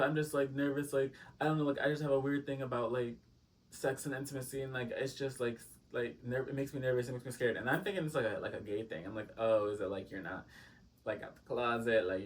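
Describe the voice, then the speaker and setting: A young man telling a casual, gossipy story time, full of "like" fillers and animated quoted exchanges. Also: medium pitch, distant mic.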